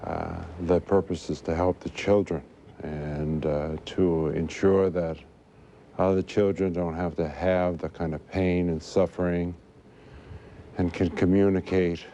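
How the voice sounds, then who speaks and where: Man, very deep voice, studio guest, halting speech, slight stutter, faint background noise. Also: little pitch movement, warm tone, highs cut off. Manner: halting, many fillers. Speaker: guest researcher. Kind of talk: studio interview.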